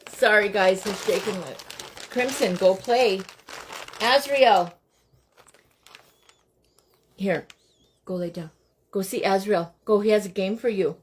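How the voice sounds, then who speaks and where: A woman's voice: medium pitch, takes it slowly, pauses often, slight background noise. Chatty woman hosting a home craft stream. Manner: chatty, talks straight to viewers, breaks off to tell her children what to do. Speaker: host of a live crafting stream. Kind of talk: casual chat while crafting.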